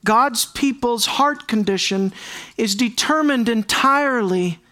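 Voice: mid-range voice, takes it slowly, pushed and bright. An earnest preacher delivering a verse-by-verse sermon. The delivery is emphatic, with key lines said twice for weight and frequent rhetorical questions aimed straight at the listeners. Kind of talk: expository sermon.

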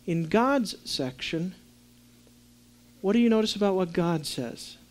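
A man preaching a sermon to a congregation, asking them questions and swinging between soft low asides and emphatic raised points. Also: lively intonation, unhurried. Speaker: pastor. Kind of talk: sermon teaching.

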